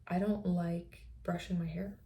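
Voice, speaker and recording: A woman host in a reflective personal monologue, speaking softly and often slipping into a breathy whisper. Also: fairly low pitch, level tone, unhurried. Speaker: podcast host.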